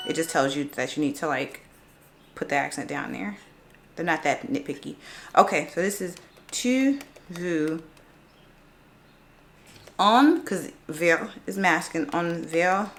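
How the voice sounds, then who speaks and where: A woman's voice: low-pitched, fairly bright tone. A woman talking casually in a vlog about learning a language, sounding out words as she goes. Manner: chatty, self-narrating, sounding out words aloud. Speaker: vlogger learning French.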